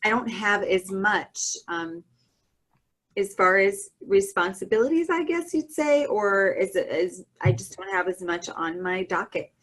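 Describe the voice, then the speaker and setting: A woman's voice: medium pitch, expressive, unhurried, a bit bright. A woman co-hosting a podcast in casual chat, easygoing and laughing between her thoughts. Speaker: podcast co-host.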